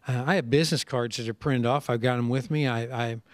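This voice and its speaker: A middle-aged man, a preacher speaking on a conference panel, telling stories in a lively way and acting out what other people say. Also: mid-range voice, quick pace, no room sound. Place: conference seminar session.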